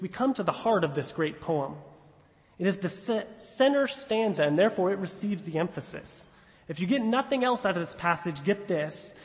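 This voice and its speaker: A man with a high voice preaches an expository sermon in a church sanctuary. He leans into repeated phrases and slows down to drive them home. His voice rings out with a long reverb tail. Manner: emphatic expository preaching with slow stressed repetitions.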